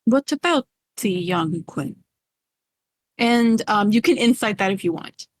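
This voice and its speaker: A woman's voice: mid-range voice, expressive, unhurried, dry recording, clean studio sound. A woman narrating as game master, chatty and rambling, laughing often.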